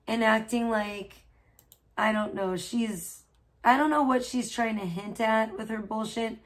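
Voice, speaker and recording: A woman livestreaming from home in casual chat, gossiping and swearing freely while scolding her pet cat. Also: fairly high pitch. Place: at home indoors.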